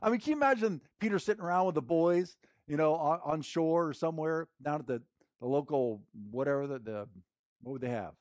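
A male pastor preaches in a loose, slangy, conversational way, often restarting his sentences. He swings from loud, emphatic bursts to hushed, quiet passages. His voice sits a little high and is recorded dry and close. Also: lively intonation, brisk, dry recording. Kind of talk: sermon.

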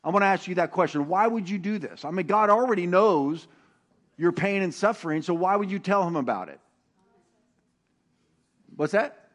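A middle-aged man preaching a sermon with animated swings from loud emphasis to hushed, intimate tones. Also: high-pitched, normal speed, long pauses. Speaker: pastor.

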